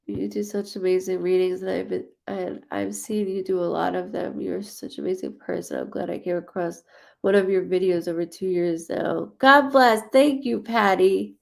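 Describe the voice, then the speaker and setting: Her medium-pitched voice is gravelly and darkish as she hosts a psychic livestream. She reads out viewer comments and chats back with them in a relaxed, gushing way.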